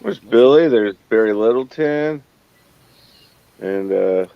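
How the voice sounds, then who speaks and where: A man's voice: mid-range voice, animated, slow, creaky, smooth. A man chiming in with short dry remarks during a casual chat among friends. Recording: dull lo-fi audio with noise.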